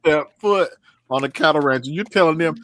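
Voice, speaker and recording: A man's voice: fairly high pitch, brisk, very noisy. A man co-hosting a podcast in casual chat, telling stories with mocking impressions. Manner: animated storyteller, mocking impressions. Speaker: podcast co-host.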